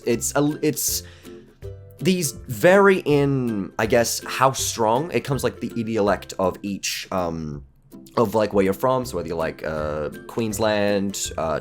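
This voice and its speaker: Casual young Australian male presenter, bouncy intonation, rambles and restarts, faint music bed. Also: medium pitch. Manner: rambling, frequent restarts, laughs at himself. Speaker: presenter of an online lecture.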